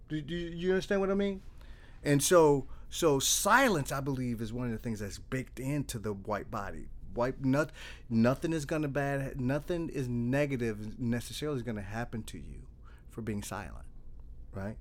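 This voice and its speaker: Middle-aged male therapist, lively conversational storyteller who voices the dialogue and keeps restarting. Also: medium pitch, moderate pace. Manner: animated storyteller, acts out dialogue, repeats and restarts. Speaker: trauma therapist.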